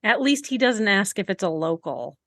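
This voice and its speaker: Female podcast co-host, wry and measured, dry close recording. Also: mid-range voice, animated, no echo. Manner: wry, measured commentary, prone to laughing. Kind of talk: casual podcast chat.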